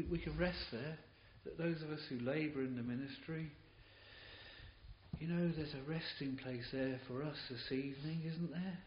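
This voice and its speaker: Male preacher, slow, fervent delivery with stammered repeats; old dull recording with faint hiss in a reverberant church. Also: medium pitch. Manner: impassioned, halting with repeated words. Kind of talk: sermon. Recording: dull, hissy, roomy old tape recording.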